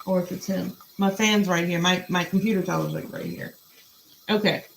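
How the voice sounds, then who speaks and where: Woman with a gravelly voice, blunt and profane. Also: fairly low pitch, steady tone, normal speed, slight background noise, low-quality recording. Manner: blunt and profane, wondering aloud. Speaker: podcast host reading emails aloud. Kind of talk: casual commentary while reading. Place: home room at a computer.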